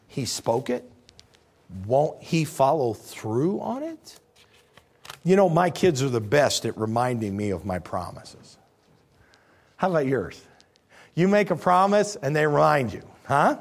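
Animated preaching man, lively high voice. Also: unhurried, creaky, pauses often. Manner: animated preaching, rises and drops for emphasis. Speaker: pastor. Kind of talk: sermon.

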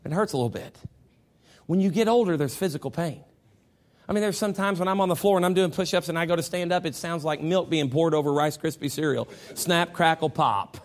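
Male preacher, 40s, high-pitched, loud and soft by turns, stammering restarts. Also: a little fast. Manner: swings from shouting to quiet, stammers on restarts. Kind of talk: sermon.

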